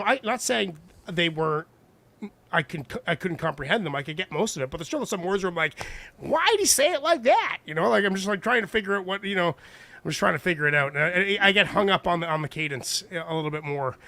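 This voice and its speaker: A male podcast host chatting casually and rating songs, rambling and animated. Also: fairly high pitch, creaky. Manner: rambling, animated, self-deprecating.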